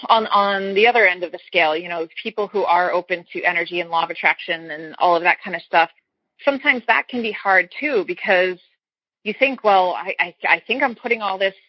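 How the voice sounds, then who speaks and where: A woman with a husky, slightly breathy voice talks earnestly as a guest coach. She explains her points with homely comparisons and often restarts her sentences. The sound is dry and a little dull and lo-fi. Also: lowish voice, no room sound. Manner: earnest, explains with everyday analogies, frequent restarts. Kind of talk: casual interview chat.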